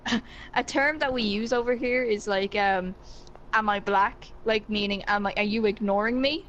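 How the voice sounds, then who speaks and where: A woman's voice: medium pitch, moderate pace, fairly bright tone, highs cut off, slight background noise. A woman from Ireland with an Irish accent, chatting casually as a guest and filling her talk with "like". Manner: chatty, many "like" fillers. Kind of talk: casual chat.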